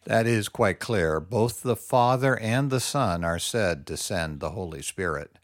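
Very deep-voiced man, dry studio. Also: lively intonation, no room sound. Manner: deliberate, prompting and summarizing. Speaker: co-host. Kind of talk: scripted theological dialogue.

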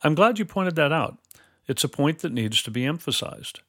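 A man teaching Bible doctrine in a measured, explanatory way, quoting scripture formally. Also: fairly high pitch, lively intonation, a bit bright, no room sound, studio quality. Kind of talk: scripted theological dialogue.

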